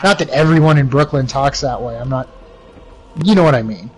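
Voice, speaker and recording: A young American man livestreams a game and chats casually, rambling with lots of fillers and restarts. His mid-range voice is expressive, brisk and a bit dark in tone, over faint background music on a rough recording.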